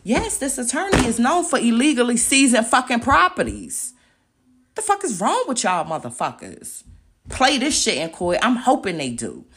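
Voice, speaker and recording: A woman's voice: on the high side, wildly swooping pitch, moderate pace, fairly bright tone. A young woman hosting a podcast, ranting in a heated, profane and confrontational way and firing off repeated rhetorical questions. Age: young adult. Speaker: podcast host. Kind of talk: angry podcast rant.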